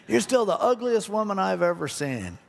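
Man voicing a parrot, rude male bird, high squawky voice, mocking taunts, hall reverb. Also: sing-song, moderate pace, creaky, heavily acted.

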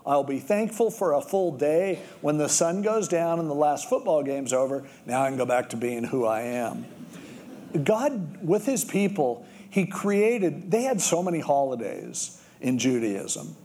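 A middle-aged male pastor preaching in a conversational, storytelling way. His voice is mellow and a little higher than most men's, and it swings widely in pitch as he slips into other people's voices. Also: big pitch swings, a little slow. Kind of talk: sermon.

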